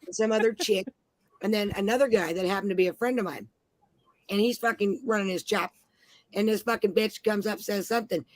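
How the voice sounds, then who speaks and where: A woman's voice: mid-range voice, a little fast, no echo. A woman in her forties telling brash, profane stories in a casual chat. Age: 40s. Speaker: panel host.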